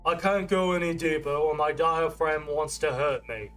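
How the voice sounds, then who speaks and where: A man putting on his deepest voice with an Australian accent, speaking slowly. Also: steady tone, a bit bright, faint music behind, natural voice. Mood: deadpan.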